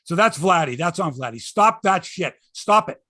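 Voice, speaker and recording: A man's voice: high-pitched, animated, moderate pace, pushed and bright, no room sound, studio quality. A middle-aged man hosting a sports podcast in casual chat, rambling, opinionated and joking. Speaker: podcast host.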